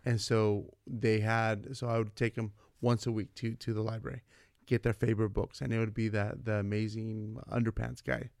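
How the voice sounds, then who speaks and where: Man, 40s, educator and ex-coach, middle pitch with a gravelly edge, animated storyteller, dry close recording. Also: normal speed, dry recording. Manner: animated, acts out quoted voices, says "man" and "like" often. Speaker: vice principal and former coach, podcast guest. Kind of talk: casual storytelling conversation.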